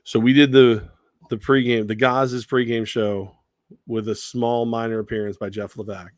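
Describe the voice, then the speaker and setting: A man's voice: mid-range voice, moderate pace, dry recording. Sports show guy telling a story, acts out the quotes, dry close sound. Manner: animated storyteller who acts out quoted voices. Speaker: sports talk show co-host. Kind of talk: casual sports talk.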